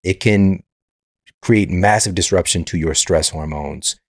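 Podcast host dude, really low voice, dry close mic, earnest. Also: male voice, a little slow, dry recording. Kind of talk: casual interview talk.

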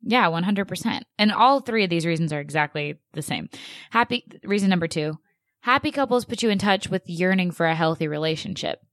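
A woman's voice: fairly low pitch, lively intonation, fairly quick, no room sound. A young woman co-hosting a casual podcast, chatty and sarcastic, with lots of "like" and dry asides. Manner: chatty, sarcastic, says "like" a lot. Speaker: podcast co-host.

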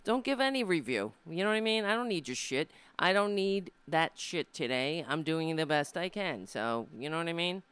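A woman hosts her own live comedy show, rambling and swearing into a desk mic. Her voice sits low but swoops a lot as she goes. The tone is smooth and clear. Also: expressive, moderate pace, few pauses, fairly bright tone, no echo. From Brooklyn, USA. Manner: profane, sardonic, rambling. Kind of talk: casual live-stream monologue. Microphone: desk microphone.

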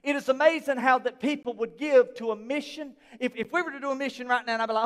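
A man, a pastor preaching a sermon in a church, swinging from quiet talk to shouted emphasis. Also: extremely high pitch, fairly even intonation, fast talker, hardly any pauses, smooth, in a large hall. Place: church sanctuary.

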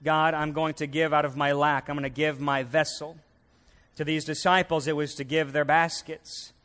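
A man's voice: a little high, little pitch movement, moderate pace, fairly bright tone, in a large hall. A man preaching a sermon as a pastor, telling stories and acting out the voices in them.

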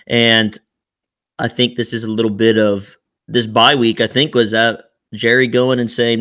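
Man, podcast co-host, excitable, laughing often, rambling bursts, mid-pitched, dry close sound. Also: a little slow, long pauses, no echo. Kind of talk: casual sports chat.

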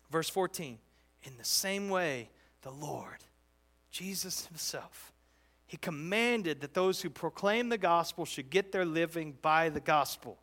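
A man preaching a verse-by-verse sermon, talking conversationally but with emphatic, animated bursts. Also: fairly high pitch. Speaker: pastor. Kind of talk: expository sermon.

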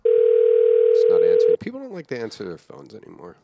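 A man co-hosting a comedy podcast, making prank calls and keeping a straight, deadpan delivery. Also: lowish voice, brisk, creaky, muffled recording, heavy background noise. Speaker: podcast co-host.

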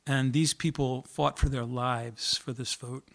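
A man's voice: mid-range voice, steady tone, measured pace, vocal fry. A middle-aged man, a singer-songwriter, telling in an earnest, reflective way how he came to write a song. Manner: reflective, earnest storytelling with fillers. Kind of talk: spoken story about writing a song.

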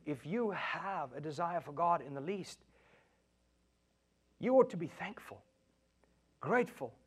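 A man preaching a sermon in an animated way, acting out quotes and laughing often. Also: sits high, breathy edge. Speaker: pastor.

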